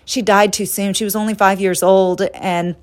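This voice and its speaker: A middle-aged woman from the United States hosting a podcast, telling personal stories in a candid, animated way and acting out quoted lines. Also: medium pitch, moderate pace. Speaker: podcast host. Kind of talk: personal storytelling monologue.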